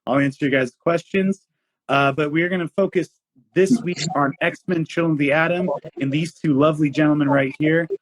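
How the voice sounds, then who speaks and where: A man's voice: a little high, steady tone, fairly quick, rough recording. A man hosting a casual online show, upbeat and enthusiastic with his guests. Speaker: host.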